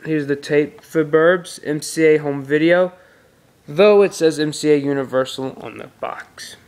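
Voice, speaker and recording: A man's voice: a little high, measured pace, darkish tone. A man casually reviewing a movie on tape, retelling the plot in a rambling way with restarts.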